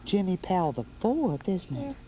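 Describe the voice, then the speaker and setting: A woman's voice: lowish voice, sing-song, normal speed, warm tone, poor audio. Sing-song woman host coaxing children. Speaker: television host. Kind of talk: chatting with small children on a holiday broadcast.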